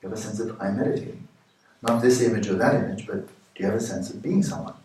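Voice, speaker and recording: A man as a meditation teacher, giving guided meditation instruction in slow, questioning short phrases with pauses. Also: fairly low pitch, darkish tone. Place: retreat meditation hall. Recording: echoey room, distant mic.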